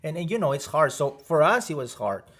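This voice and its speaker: A man from Mexico, co-hosting a casual faith podcast and talking haltingly with many restarts. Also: on the high side, big pitch swings, fairly bright tone. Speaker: podcast co-host, missionary.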